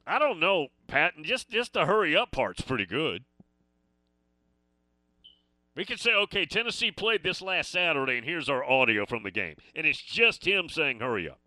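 A man's voice: on the high side, sing-song, moderate pace, pushed and bright, no room sound. A man hosting a sports call-in radio show, talking casually and rambling between stories and listener messages.

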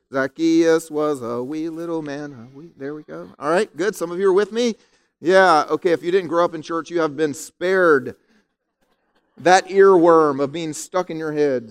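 A man preaching a conversational, animated sermon from a church stage. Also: sits high. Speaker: pastor. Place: church sanctuary.

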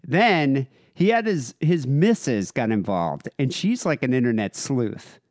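Lively man reading out listener emails. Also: medium pitch, measured pace, no room sound, studio quality. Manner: reads emails aloud with lively, shifting delivery. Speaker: podcast co-host. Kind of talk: casual podcast chat, reading listener emails.

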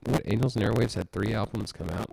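A man's voice: lowish voice, fast, creaky, darkish tone, poor audio. A man co-hosting a casual music podcast, talking in a rambling, jokey way with restarts. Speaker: podcast co-host. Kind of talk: casual chat. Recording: amateur recording with clicks and faint hiss.

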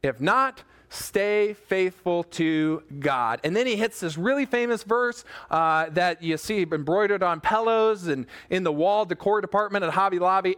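A man's voice: sits high, a bit bright, clear, resonant tone. A man preaching a casual online sermon as pastor, chatty and joking with self-deprecating asides. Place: church room with a small team.

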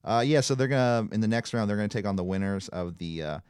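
A man co-hosting a casual podcast chat, easygoing and relaxed, with lots of fillers. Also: fairly low pitch, quick pace, smooth, no room sound, clean studio sound. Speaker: podcast co-host.

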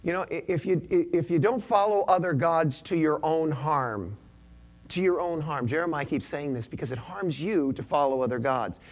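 A pastor delivering a conversational sermon, often repeating his points and using casual slang. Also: a little high.

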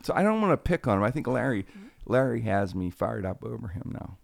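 A man's voice: mid-range voice, fairly quick, creaky, dry recording, studio quality. A man, a radio personality telling stories on a casual podcast, acting out quoted lines with animation. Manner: animated, acts out quotes in a raised voice.

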